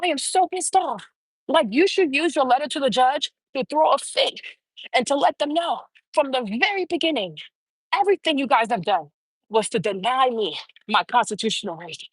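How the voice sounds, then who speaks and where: A woman's voice: high voice, expressive, moderate pace, husky, dry recording. A woman hosting her own show, giving heated, profane opinion commentary and repeating phrases for emphasis. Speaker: show host.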